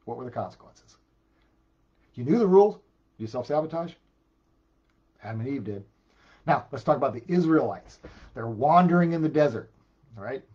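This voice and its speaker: A man preaching a sermon as a pastor, animated, repeating words when he gets emphatic. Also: medium pitch, a little fast, pauses often, breathy edge, muffled recording.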